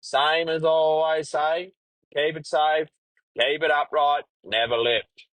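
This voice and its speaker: A man's voice: fairly high pitch, little pitch movement, slow, a bit bright, dry recording, low-quality recording. A man with an Australian accent hosting a casual solo podcast, talking bluntly with heavy swearing and rambling into a yarn. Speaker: podcast host, truck driver.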